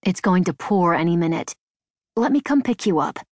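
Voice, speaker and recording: A woman voicing a worried, practical adult daughter pleading with her mother in an audiobook, a little higher than her narration. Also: lively intonation, normal speed, no room sound, studio quality.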